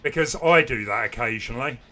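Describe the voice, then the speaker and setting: A man's voice: medium pitch, fairly quick, pushed and bright. A man livestreaming a video game, chatting casually and rambling to his viewers. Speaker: gaming livestreamer. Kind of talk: casual chat while streaming a game.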